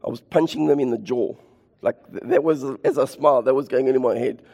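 A man preaching a sermon and telling his own story, impassioned, repeating phrases for emphasis and building to near shouts. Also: mid-range voice, brisk, creaky. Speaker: preacher sharing his testimony. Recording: long hall reverb.

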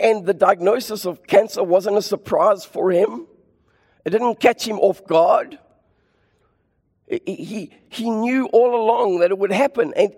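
A man preaching a sermon and telling his own story, impassioned, repeating phrases for emphasis and building to near shouts. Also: sits high, creaky, breathy edge. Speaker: preacher sharing his testimony. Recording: long hall reverb.

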